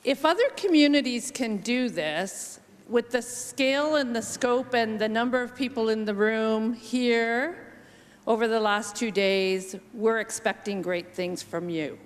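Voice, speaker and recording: A woman with a Canadian accent answering on a conference panel, thoughtful and measured with frequent pauses. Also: fairly high pitch. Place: large conference hall. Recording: long hall reverb.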